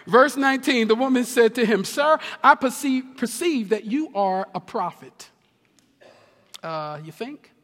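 A man from New Jersey preaching a sermon as pastor, animated and swinging between loud and hushed, with humorous asides. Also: extremely high pitch, measured pace. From New Jersey, USA. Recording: long reverb of a large hall.

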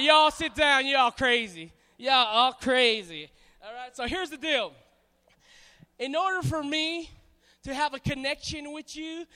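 High-voiced Hawaiian man hyping a crowd. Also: clear, resonant tone. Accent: Hawaiian Pidgin mixed with Southern US. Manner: loud, playful, hyping up the crowd. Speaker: guest speaker at church youth service. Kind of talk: energetic talk with audience call-and-response. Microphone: stage microphone on a cable. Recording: long reverb from a large hall.

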